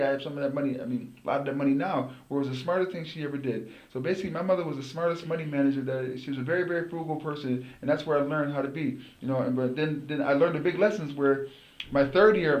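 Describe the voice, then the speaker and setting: Fast-talking middle-aged man in a roomy space. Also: a little high, a little mellow. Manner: rambling, repeats words as he restarts. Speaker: former pro football player, guest. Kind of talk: casual interview storytelling. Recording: roomy echo.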